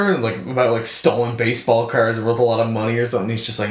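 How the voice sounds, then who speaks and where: A young man co-hosting a podcast, swearing freely and telling stories with animated energy. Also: medium pitch, rapid-fire, reverberant. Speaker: podcast co-host. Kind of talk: casual chat.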